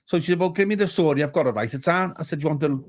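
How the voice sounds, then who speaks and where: A man from around Liverpool, England, a pastor appearing as a guest, tells a casual pub-bar story very fast in a voice on the high side. He animatedly plays out each voice he quotes.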